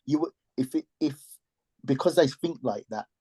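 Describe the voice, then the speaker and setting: Man, mellow warm voice, halting casual chat, dry close sound. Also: medium pitch, husky, no echo. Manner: halting, restarts a lot. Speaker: podcast co-host.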